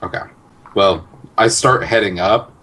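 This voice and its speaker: Low-voiced man playing a tabletop game. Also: measured pace, sharp tone, poor audio. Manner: casual, rambling, thinking aloud. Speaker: player. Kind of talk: casual tabletop play.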